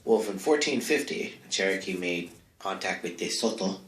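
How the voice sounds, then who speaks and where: Man, comic advice host, low voice, rambling asides, close mic, bare echoey room. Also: animated, moderate pace, a bit bright. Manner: rambling and offhand, full of asides and mic checks. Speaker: comedic advice-column host. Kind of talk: rambling comedic monologue. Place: small home studio with no insulation. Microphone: close microphone.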